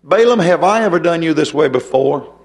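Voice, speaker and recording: A preacher putting on a reproachful talking donkey. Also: male voice, on the high side, animated, brisk. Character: complaining old male donkey.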